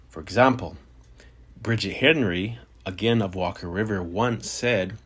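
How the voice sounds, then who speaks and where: A man giving a scripted language lesson, saying each example word slowly and repeating it twice. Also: lowish voice, husky. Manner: slow, deliberate, repeats example words twice. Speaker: language teacher.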